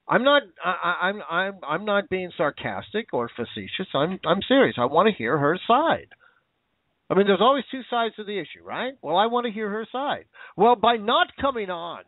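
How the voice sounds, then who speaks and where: This ranting show host sounds high-pitched, his voice swinging widely in pitch at a normal speed. The recording is dry but tinny like a phone line, and his commentary is sarcastic, indignant and repetitive.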